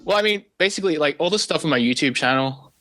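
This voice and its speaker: A man's voice: fairly high pitch, lively intonation, fast, pushed and bright. A man being interviewed as a guest, chatting casually in an easygoing, self-deprecating way with frequent restarts. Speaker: guest animator. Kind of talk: casual podcast chat.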